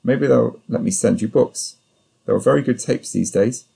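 A man reading the part of a reflective male tutor in his sixties, speaking slowly and kindly in an audiobook. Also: medium pitch, vocal fry, mellow, breathy edge. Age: 60s. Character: gentle, reflective older male tutor, drinker.

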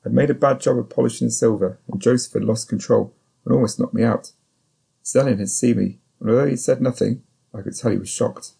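A male narrator reads a first-person novel in a measured, sombre manner. His voice sits low and is heavily gravelly, with a dark, husky grain. The delivery is steady and even. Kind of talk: audiobook narration.

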